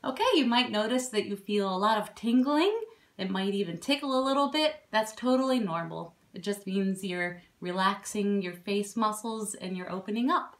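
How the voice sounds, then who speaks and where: A woman's voice: mid-range voice, a bit bright. A woman vocal coach who patiently explains breathing and resonance step by step during a lesson. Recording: roomy echo, faint instrument behind.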